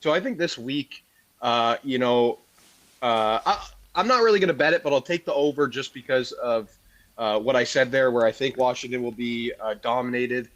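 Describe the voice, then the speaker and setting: A man's voice: mid-range voice, normal speed, fairly bright tone, dull audio. A man co-hosting a sports betting podcast, giving opinions in casual chat full of fillers like "you know". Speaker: podcast co-host.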